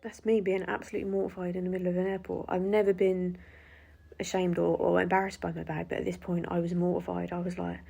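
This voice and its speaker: A woman's voice: on the low side, flat delivery, fast talker, creaky, mellow, breathy edge. A woman telling an indignant story to camera, swearing freely and acting out what was said. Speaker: vlogger.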